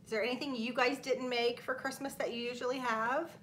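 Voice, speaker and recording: Bright chatty woman hosting a livestream. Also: on the high side, steady tone, brisk, a little hiss or hum. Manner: chatty, reads viewer comments aloud, laughs often. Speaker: livestream host chatting with viewers. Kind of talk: casual live chat.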